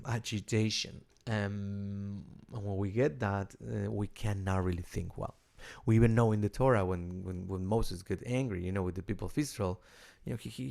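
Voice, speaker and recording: Gravelly man teaching, halting restarts. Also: fairly low pitch. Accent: Argentine Spanish. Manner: halting, with many repeated words and restarts. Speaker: rabbi and cantor. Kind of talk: informal teaching talk.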